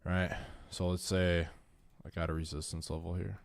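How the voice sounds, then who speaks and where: Man, deep low voice, casual trading stream, swears and restarts, dry close mic. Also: level tone, moderate pace, creaky, dry recording. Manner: loose, swears, restarts and stumbles over words. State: tired, short on caffeine. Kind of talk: casual livestream chart walkthrough.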